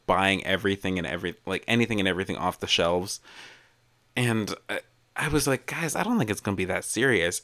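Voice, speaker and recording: A man's voice: lowish voice, fairly bright tone, dry recording. A man co-hosting a casual podcast chat in a laid-back, teasing way. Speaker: podcast co-host.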